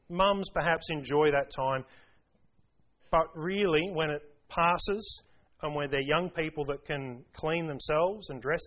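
A man's voice: on the high side, fairly bright tone, lo-fi sound. A man preaching a sermon to a congregation, emphatic, repeating key phrases and asking rhetorical questions. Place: church service.

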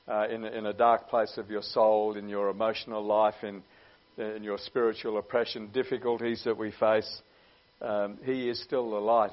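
A man preaching a sermon in an earnest way, often pausing with "uh" as he goes. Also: lowish voice. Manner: earnest, with many "uh" pauses. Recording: dull lo-fi recording.

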